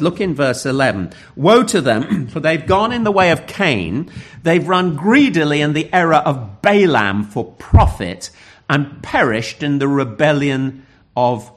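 A man preaching a sermon in an emphatic, earnest way, with dramatic pauses. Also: mid-range voice.

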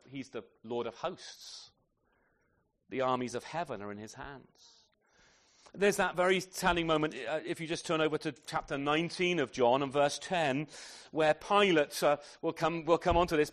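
Man preaching a sermon with a slightly high voice; emphatic, asks the congregation questions. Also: fairly bright tone. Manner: emphatic, with frequent rhetorical questions; addresses children in the congregation.

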